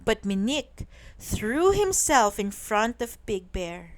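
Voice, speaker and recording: A woman reading a bedtime story aloud in a slow, soothing, clearly spoken way. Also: mid-range voice, very animated.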